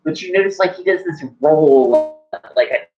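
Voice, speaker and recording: A man's voice: a little high, moderate pace. A man narrating a tabletop game as game master, rambling and full of "like" fillers. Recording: dull lo-fi sound, faint music.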